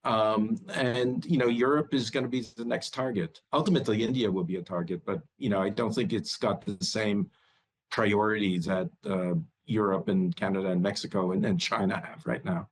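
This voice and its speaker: Halting, low-voiced male market strategist. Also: fairly even intonation, poor audio. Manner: halting, repeats words when starting. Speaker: bank strategist guest. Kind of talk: remote news interview.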